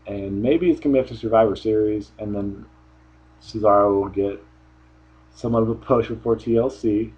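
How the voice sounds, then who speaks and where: A man's voice: fairly low pitch, moderate pace, darkish tone, slightly rough, dull audio. A man giving a casual solo review of a wrestling show, rambling offhand with frequent restarts.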